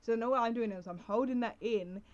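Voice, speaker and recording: A woman's voice: fairly high pitch, a little fast, darkish tone. A young adult woman hosting a casual solo podcast, rambling with lots of fillers and restarts. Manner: rambling, full of fillers and self-interruptions. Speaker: podcast host. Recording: slightly dull lo-fi recording.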